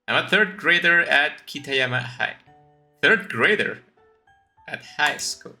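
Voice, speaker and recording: A man's voice: a little high, unhurried, pushed and bright, faint music behind, voice pushed up, heavily acted. A man voicing an earnest, devoted young male student, reading game dialogue aloud in a raised, eager voice.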